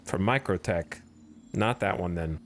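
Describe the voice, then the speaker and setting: A man's voice: sits low, unhurried, a little hiss or hum. A man streaming a video game, chatting casually with sarcastic, exasperated self-talk. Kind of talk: casual gameplay commentary.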